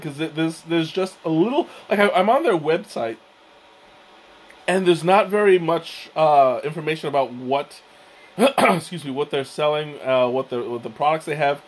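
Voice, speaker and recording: A man hosting a casual livestream, a little hoarse from a cold, rambling with many fillers and restarts as he greets viewers. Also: on the high side. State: slightly hoarse from a cold, coughing. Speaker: livestream host.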